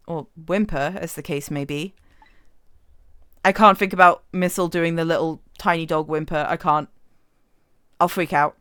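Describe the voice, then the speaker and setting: A woman's voice: low voice, fairly even intonation, normal speed, long pauses, fairly bright tone, smooth, no room sound, soft background music. A woman streamer reacting to a game live, gushing, swearing and laughing often.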